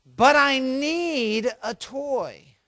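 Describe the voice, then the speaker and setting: A man's voice: very high-pitched, drawn-out words, fairly bright tone, no room sound, studio quality, pitched above the performer's own voice, exaggerated voice. A man voicing a whiny four-year-old girl who wails and screams in a tantrum. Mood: whining. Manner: whining, wailing, screaming.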